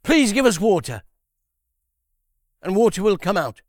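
A man with a rather high voice tells a Bible story to children. His delivery is animated, and he briefly takes on the voices of the people in the story. The sound is dry and close, with no room echo. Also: a little slow. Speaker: preacher.

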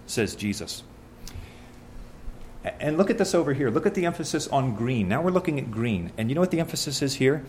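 A male preacher, neither high nor low in pitch, teaching from scripture in a conversational sermon. He keeps putting questions to his congregation and answers them himself in an earnest, friendly tone. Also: sing-song, brisk, darkish tone, slight background noise.

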